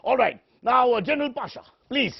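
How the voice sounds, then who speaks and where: A man playing a pompous, self-important anchor in a parody of a shouting TV debate show. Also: extremely high pitch, lively intonation, a little fast, creaky, highs cut off, noisy background. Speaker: satirical news anchor.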